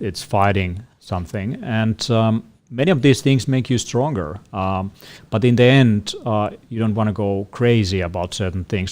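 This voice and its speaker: A man co-hosting a casual Q&A, explaining things in a measured way with frequent fillers. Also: lowish voice, a little mellow. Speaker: co-host answering questions. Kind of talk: casual panel Q&A.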